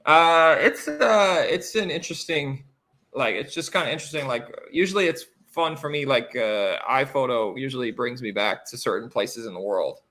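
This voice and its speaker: Bright-voiced American man telling stories. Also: medium pitch, moderate pace. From United States. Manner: animated, rambling anecdotes with many fillers. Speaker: interview guest, professional basketball player. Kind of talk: casual storytelling.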